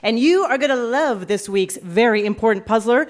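A woman's voice: a little high, expressive, moderate pace. A woman hosting a live radio game show on stage, playful and teasing, laughing often with contestants. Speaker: quiz show host. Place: live comedy venue with audience.

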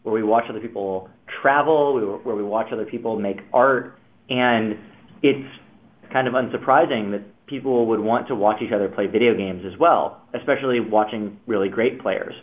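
A company chief executive answers in a brisk, matter-of-fact way. His voice sits low and comes through thin and narrow, like a phone line. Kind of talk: interview soundbite.

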